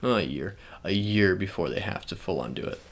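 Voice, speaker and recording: A young man talks low and soft for an ASMR video, his voice gravelly with fry as he rambles through casual chat, full of fillers and restarts. Faint clicking sounds sit underneath him. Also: lively intonation, a little fast, a little hiss or hum. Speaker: ASMR channel host. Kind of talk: soft-spoken ASMR sports talk.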